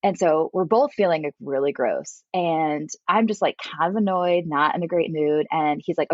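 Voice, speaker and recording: Low-voiced woman telling a lively story. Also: moderate pace, no room sound, highs cut off. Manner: animated, acts out quotes, laughs often. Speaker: podcast guest. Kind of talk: casual storytelling.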